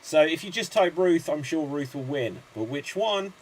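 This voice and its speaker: Brisk male improv show host. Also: fairly high pitch, expressive. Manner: brisk announcer, rattles off long chains of names. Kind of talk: hosting an online improv show.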